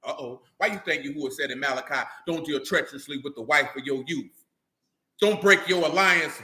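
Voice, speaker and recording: A man's voice: a little high, brisk, bright, forceful tone, roomy sound. A man preaching a blunt, slang-filled sermon, often asking rhetorical questions of his listeners. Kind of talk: street-style sermon.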